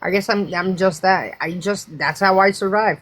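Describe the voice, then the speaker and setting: An American woman talks loosely and frankly to her viewers, swearing freely as she rambles from one thought to the next. Her voice sits at an ordinary middle pitch. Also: normal speed, fairly bright tone. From United States. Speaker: livestream host. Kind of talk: casual chat.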